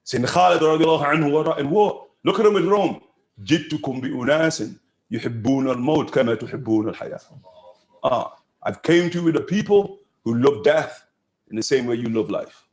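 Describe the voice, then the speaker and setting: A man giving an animated religious lesson, acting out voices and laughing often as he teaches. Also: fairly high pitch, quick pace, roomy sound.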